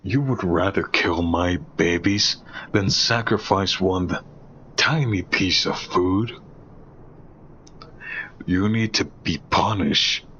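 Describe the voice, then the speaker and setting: A man voicing a vengeful female spider mother who speaks in a slow, partly whispered, seething way. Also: low voice, fairly bright tone, lo-fi sound, slight background noise. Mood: venomous rage.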